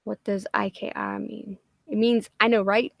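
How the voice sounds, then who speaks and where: Gravelly, foul-mouthed Boston woman. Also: mid-range voice, level tone, normal speed, dry recording. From Massachusetts. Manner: profane, rambling, self-deprecating. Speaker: livestream host. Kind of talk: casual livestream chat.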